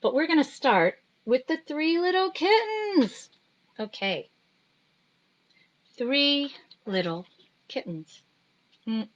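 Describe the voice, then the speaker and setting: A woman artist hosting a children's story time, chatting gently with many ums. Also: high voice, sing-song, slow, long pauses, dull audio. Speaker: artist reading picture books to children. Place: home.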